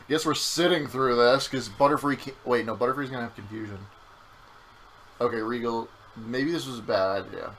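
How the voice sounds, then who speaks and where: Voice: mid-range voice, normal speed, fairly bright tone, rough recording. Young streamer playing a game and trash talking, sassy and sweary, bit of faint noise. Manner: sassy, teasing, swears often. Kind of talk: casual gameplay chat.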